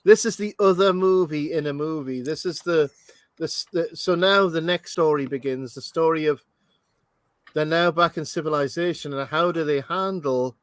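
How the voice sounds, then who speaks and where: Host for a watch-along commentary: a rambling man, higher voice, dry sound. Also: normal speed, a bit bright, no room sound. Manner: rambling, thinking aloud with many fillers. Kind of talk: casual movie commentary.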